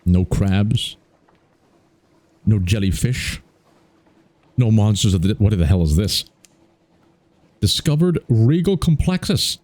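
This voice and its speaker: Guy doing chill let's play commentary, lowish voice, goofs around reacting to stuff. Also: animated, slow pace, pauses often, a little mellow, dry recording. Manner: chatty and playful, reacting aloud to the game. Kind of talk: casual gameplay commentary.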